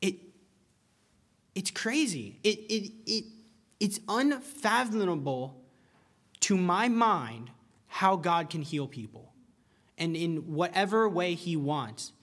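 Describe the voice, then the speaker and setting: A young man preaching with earnest, animated energy, his voice sitting a little high for a man. He stumbles and repeats words when something excites him, then slows right down to press a point home. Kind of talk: sermon.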